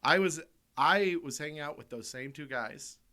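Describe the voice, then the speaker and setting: A man co-hosting a comedy podcast in a studio tells rambling stories with a casual, self-amused air, laughing partway through. His voice sits on the high side, bright and forceful, at a normal speed.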